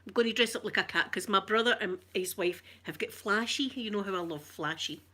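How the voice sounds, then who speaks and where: A woman's voice: mid-range voice, a little fast, sharp tone. A middle-aged Scottish woman chatting to her live-stream viewers, bawdy, flirtatious and full of stories. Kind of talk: casual live-stream chat.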